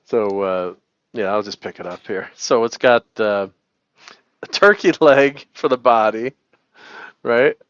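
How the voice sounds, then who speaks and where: A man's voice: on the low side, a little slow, long pauses, clean tone, dry recording, dull audio. A middle-aged man hosting a casual live stream from home, rambling and laughing often as he shows things off. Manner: chuckling, rambling, lots of laughter. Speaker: host.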